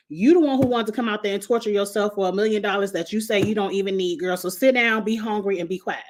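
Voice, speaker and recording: A woman's voice: medium pitch, fast, few pauses. Sassy woman reviewing reality TV. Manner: sassy, blunt, laughs often, curses. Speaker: host of a reality TV review show. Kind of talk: casual chat reading viewer comments.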